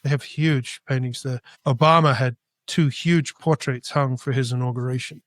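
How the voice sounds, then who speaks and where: As a guest in a storytelling interview, this artist, born in Britain and brought up in Spain, recounts his life with animation and plays out the dialogue. The recording is dry, and his voice sits mid-range.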